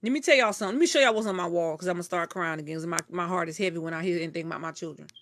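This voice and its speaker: A woman's voice: on the low side, very fast, slight background noise. Impassioned young woman vlogging to camera. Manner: impassioned, blunt and profane, swinging from loud outbursts to quiet mumbles. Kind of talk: emotional live vlog to camera.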